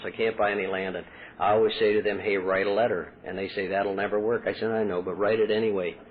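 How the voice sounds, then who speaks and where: Man, AA convention speaker, storytelling with quoted voices, tinny old tape with faint hiss. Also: on the low side. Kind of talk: recovery talk to a meeting. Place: convention hall.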